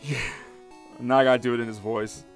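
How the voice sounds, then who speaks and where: A man's voice: medium pitch, steady tone, fairly quick, faint music behind. A man giving casual commentary over a video game, hesitant and stammering, often repeating words. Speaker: gaming video host.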